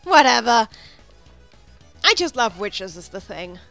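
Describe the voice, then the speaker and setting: Chatty high-voiced woman playing a game. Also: animated, moderate pace, sharp tone. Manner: rambling, chatty, many restarts and asides. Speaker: let's play host. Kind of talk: casual gameplay commentary. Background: faint game music.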